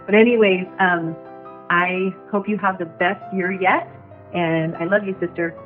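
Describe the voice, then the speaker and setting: A woman's voice: on the low side, fairly even intonation, unhurried, faint music behind. A woman recording a bubbly, affectionate birthday message to a close friend. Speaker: friend giving a birthday tribute. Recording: tinny phone-like audio.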